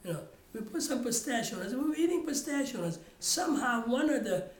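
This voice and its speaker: With a very high voice, big pitch swings and a fairly quick pace, an older father rambles and restarts his way through family stories for an oral history interview. The recording echoes in the room and has slight background noise.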